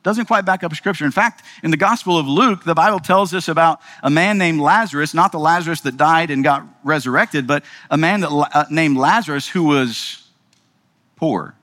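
Male pastor, slightly high voice, informal sermon delivery, heavy rhetorical questions, long reverb tail. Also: normal speed, bright, forceful tone. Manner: conversational, asks rhetorical questions with frequent "right?".

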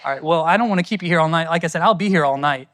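A man's voice: on the high side, very fast, fairly bright tone. A man from the United States, a missionary answering audience questions at a church in an earnest, conversational and thankful way.

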